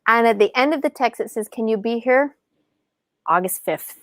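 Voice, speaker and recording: A middle-aged woman telling her story in an animated, casual way as an interview guest, acting out quoted lines in a higher voice. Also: normal speed, no room sound, studio quality. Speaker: podcast guest, author and speaker.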